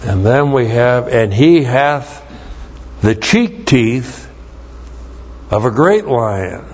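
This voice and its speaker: A man's voice: medium pitch, expressive, very slow, slight background noise. A man teaching a Bible lesson, explaining Hebrew words and spelling them out letter by letter. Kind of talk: verse-by-verse Hebrew word study. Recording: dull lo-fi recording.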